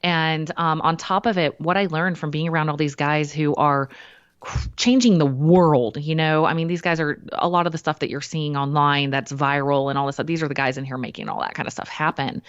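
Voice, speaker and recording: A woman, a podcast guest, telling a personal story in a lively way and acting out what people said. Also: low voice, brisk, clear, resonant tone, dry recording, highs cut off. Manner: animated storyteller who acts out quotes.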